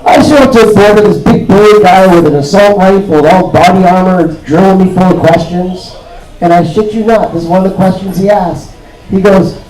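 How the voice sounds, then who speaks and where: A man from Toronto performing a stand-up comedy set, telling stories deadpan and acting out the other people's voices. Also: high-pitched, brisk. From Toronto, Canada. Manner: deadpan storytelling with acted-out voices. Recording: roomy club sound, mic heard from a distance. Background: audience laughter.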